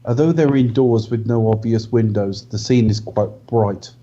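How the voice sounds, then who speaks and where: A man co-hosting a film review podcast, talking in a measured, analytical way. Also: fairly low pitch, dark tone. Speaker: podcast co-host. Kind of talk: casual film review chat. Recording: dull lo-fi audio.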